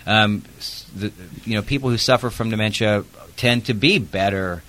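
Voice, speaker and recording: A man's voice: on the low side, moderate pace, fairly bright tone. A man who works as an investigator, telling a work story in a chatty interview with plenty of fillers. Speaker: protective services investigator.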